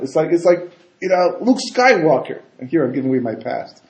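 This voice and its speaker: A man giving a casual Torah talk as a rabbi, animated and full of rhetorical questions and asides. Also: on the high side, fast. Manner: animated, rhetorical questions, frequent "you know" and "right?". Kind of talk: casual conversational Torah lecture. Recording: echoey room.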